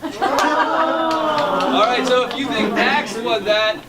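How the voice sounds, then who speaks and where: Stretching out his words in a very high-pitched voice, a man warms up the crowd from a theater stage as the playful, upbeat host and referee of an improv comedy show. The recording is far off and noisy, typical of a live room.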